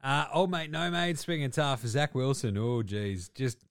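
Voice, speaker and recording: A man's voice: medium pitch, animated, normal speed, smooth, dry recording, studio quality. A man co-hosting a casual sports podcast, trading wry, profane banter and laughing at his own jokes. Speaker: podcast co-host.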